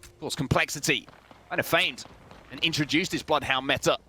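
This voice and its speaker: Fast, bright British esports caster. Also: male voice, breathy edge. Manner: fast, excitable play-by-play, jumping into higher exclamations. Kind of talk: play-by-play commentary.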